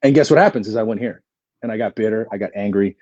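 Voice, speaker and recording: A man in his forties, a podcast guest, telling an animated story with plenty of energy and acting out the dialogue. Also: lowish voice, fast talker, dry recording, lo-fi sound.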